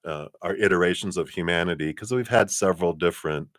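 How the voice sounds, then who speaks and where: A man's voice: low-pitched, quick pace, a bit bright, no room sound, clean studio sound. A man giving casual live tarot readings in a laid-back, chatty way, laughing often and letting sentences trail off. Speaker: tarot reader.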